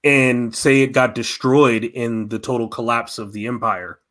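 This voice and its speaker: A man's voice: mid-range voice, fairly even intonation, unhurried, fairly bright tone. Rambling, enthusiastic man in casual chat.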